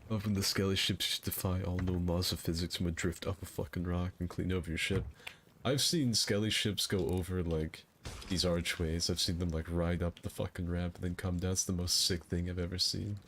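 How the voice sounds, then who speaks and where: A man's voice: low voice, fairly even intonation, normal speed, fairly bright tone, slight background noise. A man hosting a gaming session, chatting casually with friends in a joking, rambling, profane way. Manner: joking, swearing, rambling banter. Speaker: gaming channel host. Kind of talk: casual gameplay chat with friends.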